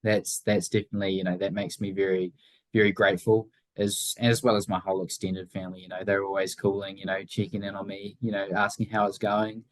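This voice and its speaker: A teenage guy with a Southland New Zealand accent talks casually in an interview, circling his points with plenty of fillers and restarts. His voice sits a bit low, and the sound is dry and close with no room around it. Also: little pitch movement, brisk, dry recording, poor audio. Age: teens. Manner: rambling, many fillers and restarts. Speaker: guest, young motorcycle racer.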